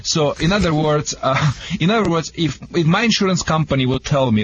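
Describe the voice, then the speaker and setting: Animated Russian-accented man on radio. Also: a little high. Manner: animated, jokey, halting English. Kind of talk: radio call-in chat. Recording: slightly dull radio sound with hiss.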